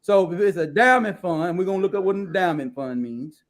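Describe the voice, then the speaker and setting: A man with a high-pitched voice hosts casual live commentary, talking bluntly and swearing freely. He rambles along as he reads numbers and definitions aloud from his screen. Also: lively intonation, quick pace. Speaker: host.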